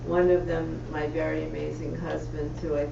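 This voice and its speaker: A woman speaking to her congregation as its president, halting and restarting as she goes. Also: low-pitched, little pitch movement, gravelly, background noise. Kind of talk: short speech to congregation. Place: synagogue sanctuary. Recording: echoey, dull room sound from far off.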